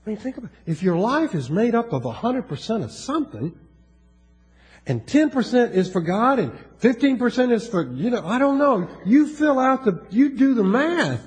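High-voiced Southern preacher man. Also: sing-song, moderate pace. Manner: folksy, joking asides, rises in emphasis. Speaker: pastor. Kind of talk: sermon.

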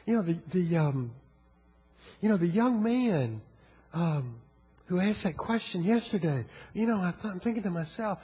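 A man preaching a sermon in a conversational way, asking the congregation questions and sometimes dropping to a quiet, intimate tone. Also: high-pitched, expressive, moderate pace. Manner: drops to a quiet, intimate tone in places. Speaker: pastor. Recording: reverberant hall.

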